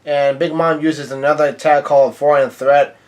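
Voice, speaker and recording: A man's voice: on the high side, level tone, moderate pace, darkish tone. A young man casually recapping a manga chapter page by page, rambling with lots of fillers and restarts. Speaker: manga reviewer.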